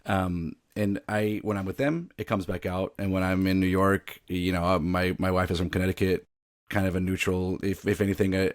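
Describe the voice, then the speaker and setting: Low-voiced man, rambling interview guest. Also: no room sound, studio quality. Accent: neutral American, faint Southern. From American South. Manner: rambling, many restarts and fillers. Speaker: podcast guest, actor. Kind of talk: casual interview chat.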